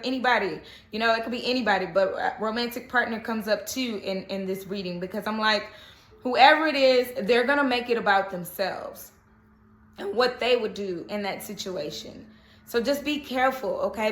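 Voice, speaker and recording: A woman's voice: mid-range voice, fairly bright tone. A woman giving a casual spoken tarot reading, chatty and reassuring, often checking in with "okay?". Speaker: tarot reader. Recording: echoey room.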